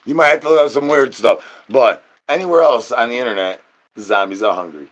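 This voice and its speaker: Man, livestreamer, rambling chat, nonsense rhymes, goofy slang, mid pitch. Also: expressive, normal speed.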